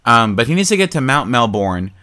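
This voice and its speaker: Speaking fairly quickly in an ordinary mid-range voice, a podcast co-host casually recaps a movie's plot. He's animated, swears freely and makes fun of the characters along the way.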